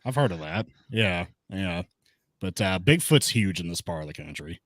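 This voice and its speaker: A man's voice: deep voice, lively intonation, moderate pace, fairly bright tone, no echo. A man joking sarcastically in a casual podcast chat. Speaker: podcast guest.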